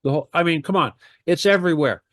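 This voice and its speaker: A man's voice: on the high side, quick pace, dry recording, clean studio sound. A man talking on a radio talk show, rambling and heated, firing off rhetorical questions.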